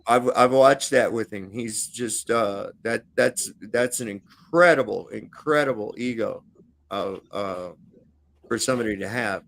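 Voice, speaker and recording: A man's voice: on the low side, measured pace, gravelly, a bit bright. A man talking bluntly and profanely in a casual livestream chat over a video call, with frequent fillers and restarts.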